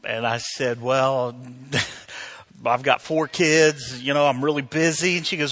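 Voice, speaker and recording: Bright-voiced man preaching a sermon. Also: mid-range voice, slow. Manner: conversational, many fillers, rising to emphatic preaching. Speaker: pastor. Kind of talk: sermon with personal story.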